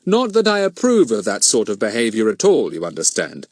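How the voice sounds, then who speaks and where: A man's voice: fairly low pitch, wildly swooping pitch, brisk, dry recording, clean studio sound. A man voicing a genial, dignified middle-aged police inspector in a storybook, courteous and formal with kindly teasing.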